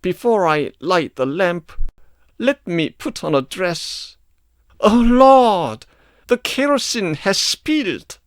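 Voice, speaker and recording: Man voicing a bold, quick-witted young woman. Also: sits high, lively intonation, smooth, no echo, clean studio sound, voice pushed up, exaggerated voice. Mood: feigned sleepy. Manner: feigning sleepy politeness.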